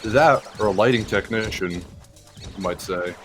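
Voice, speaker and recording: A man's voice: fairly low pitch, moderate pace, a bit bright, faint music behind. A man co-hosting a game playthrough in casual, playful chat, repeating words for laughs. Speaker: let's play co-host.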